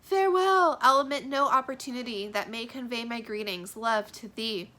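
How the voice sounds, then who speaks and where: A woman's voice: fairly high pitch, normal speed, bright, forceful tone, voice pushed up. A woman reading Romeo, a tender young lover. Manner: earnest, lingering verse reading. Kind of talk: dramatic reading of a play.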